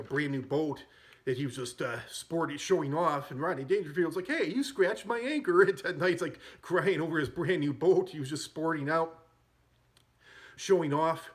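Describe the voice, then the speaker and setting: A man's voice: on the high side, a bit bright. A man hosting a podcast, casually retelling film scenes in a rambling way and chuckling as he goes. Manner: rambling, chuckles at his own stories. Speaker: podcast host.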